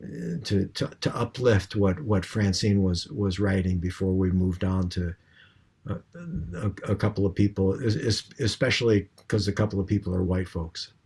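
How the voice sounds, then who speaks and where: A man facilitating a group discussion over a video call, halting and repeating words. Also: low-pitched, fairly even intonation, a little mellow, husky.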